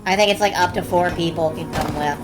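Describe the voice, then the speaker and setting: A woman's voice: on the low side, fairly quick, over music. A woman streamer giving casual live commentary while playing a game demo, wry and enthusiastic, swearing freely and thinking aloud.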